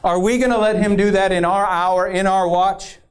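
Man preaching, fiery sermon, high-pitched voice, emphatic, fired up, middle-aged. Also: fairly even intonation, normal speed, smooth.

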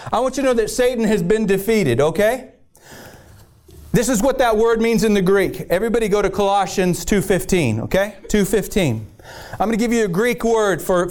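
Man preaching, fiery sermon, high-pitched voice, emphatic, fired up, middle-aged. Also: darkish tone.

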